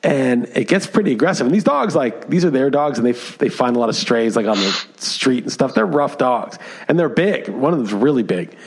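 Guy cohosting a podcast, rambly animated storytelling, lots of likes and ums. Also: medium pitch, fairly quick, hardly any pauses, slightly rough. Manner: animated storytelling with many fillers. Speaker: podcast co-host. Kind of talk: casual chat.

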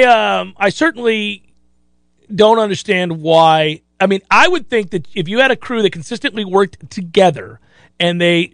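A man's voice: high voice, fairly bright tone, no room sound. A man hosting a sports talk radio show, chatting casually and acting out other people's lines.

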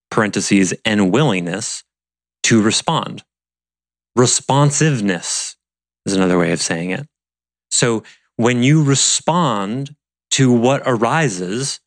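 A man's voice: mid-range voice, no echo, studio quality. Conversational man asking rhetorical questions. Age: adult past his younger years. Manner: conversational, rhetorical questions, acts out quoted voices. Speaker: speaker on personal growth. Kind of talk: reflective talk.

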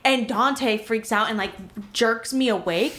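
A woman's voice: a little high, measured pace, fairly bright tone. A young woman from Miami telling a story in casual chat, rambling, swearing freely and filling her talk with "like".

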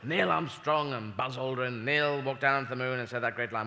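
Man, stand-up comedian, rambling and swearing, very bright tone, reverb of a theater. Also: medium pitch, normal speed. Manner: rambling, swearing, acts out bits with shouts. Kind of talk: stand-up routine. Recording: live hall reverb, faint crowd.

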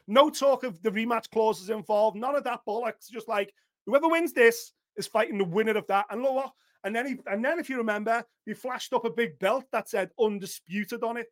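High-voiced animated man. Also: fairly quick. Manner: animated, lively storytelling with mock voices. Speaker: podcast host. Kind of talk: casual chat.

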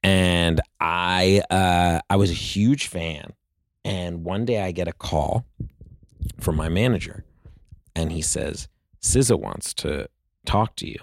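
A man's voice: low voice, slow pace, creaky, no room sound, clean studio sound. A man, a guest on an interview show, telling casual stories in a rambling way full of "like" fillers.

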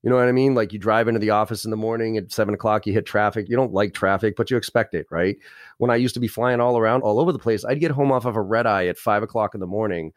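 Fast-talking man coaching sales. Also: lowish voice, dry recording, studio quality. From Boston area, US. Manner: rapid, animated, role-plays sales calls. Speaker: sales trainer, guest. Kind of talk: casual podcast interview.

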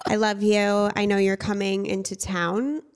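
A young woman co-hosting a casual podcast, talking at an ordinary middle pitch. She is blunt and teasing with her sister and swears without a second thought. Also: level tone, unhurried, smooth. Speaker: podcast co-host. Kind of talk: casual chat.

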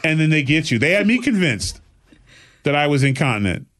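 A man's voice: on the high side, brisk. A man co-hosting a casual chat show, telling stories with lots of mocking impressions. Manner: animated storyteller who slips into mocking impressions. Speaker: podcast co-host.

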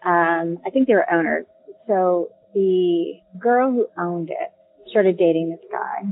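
A woman's voice: lowish voice, slight background noise. Woman telling a story over the phone. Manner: halting, with many ums and restarts. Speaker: caller sharing a ghost story. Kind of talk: casual first-person storytelling. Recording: tinny phone line.

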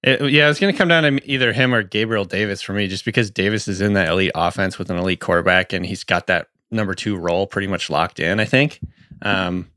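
Man, podcast co-host, laid-back, bright, dry close sound. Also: deep voice, no room sound. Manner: laid-back, self-deprecating. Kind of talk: casual chat.

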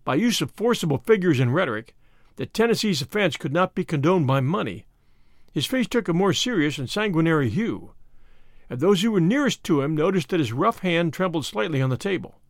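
Man reading a classic story aloud, expressive, lively pitch, dry close recording. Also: a little fast, no room sound. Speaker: narrator. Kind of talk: audiobook narration.

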